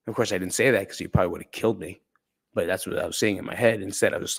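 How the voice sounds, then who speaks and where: A man's voice: deep voice, steady tone, fast talker, creaky. A man candidly telling a personal story in a conversational, profane way. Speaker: podcast speaker.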